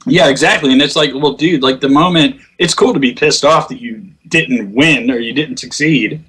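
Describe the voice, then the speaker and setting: A man's voice: medium pitch, moderate pace, fairly bright tone, breathy edge. A man chatting casually about online gaming, telling stories with lots of swearing and laughter, acting out quotes. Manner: profane, laughing storyteller who acts out quotes.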